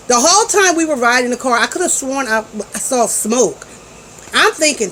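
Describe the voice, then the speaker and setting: Woman in her forties, fairly high voice, slangy and chatty, telling a family story to camera over faint room noise. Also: very animated, moderate pace, a bit bright, rough recording. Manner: chatty and slangy, with frequent restarts. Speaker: parent vlogger.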